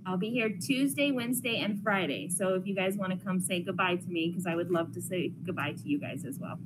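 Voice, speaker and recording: A young woman counselor intern, reading a rhyming picture book aloud to children in a lively, sing-song way. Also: on the low side, a little fast. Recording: noisy classroom recording.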